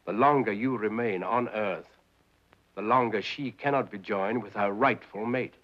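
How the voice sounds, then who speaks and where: An actor playing a proud, scheming Devil who talks in florid, grandiloquent phrases, in 1940s film style. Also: male voice, on the low side, moderate pace, natural voice. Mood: scolding. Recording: muffled 1940s film soundtrack.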